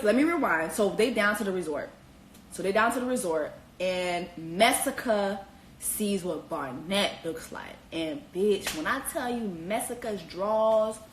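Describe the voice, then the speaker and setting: A woman giving a blunt, profane, animated comedic recap full of slang. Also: mid-range voice, a little hiss or hum. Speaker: vlogger recapping a reality show. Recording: echoey room.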